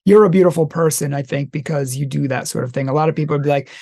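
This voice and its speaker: A man's voice: fairly high pitch, fast talker, gravelly, dark tone, dry recording, clean studio sound. A man hosting a casual conversation, talking things through earnestly and at length. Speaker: host.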